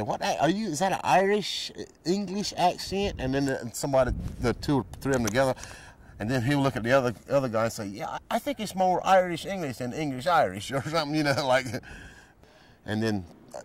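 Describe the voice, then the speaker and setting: A man with a thick Outer Banks brogue talks about his speech in a casual interview. His pitch jumps all over as he tells stories, and he stumbles and restarts as he goes. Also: fast talker. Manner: lively storytelling with restarts. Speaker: fisherman.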